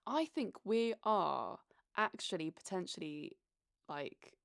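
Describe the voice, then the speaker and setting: Gravelly-voiced British woman, candid chat. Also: lowish voice, sing-song, slow pace, fairly bright tone, dry recording, studio quality. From England. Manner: candid and profane. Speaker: podcast co-host. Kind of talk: casual chat. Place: recorded apart from co-host, living in Los Angeles.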